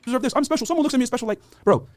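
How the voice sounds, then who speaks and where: A man's voice: very high-pitched, very fast, a little mellow. A podcast host who lectures his guest in a brash, mocking way during a debate.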